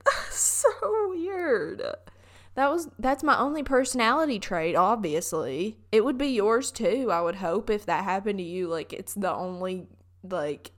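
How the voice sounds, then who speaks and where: A young woman with a Southern US accent, chatting casually in a vlog and telling stories with lots of fillers. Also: medium pitch.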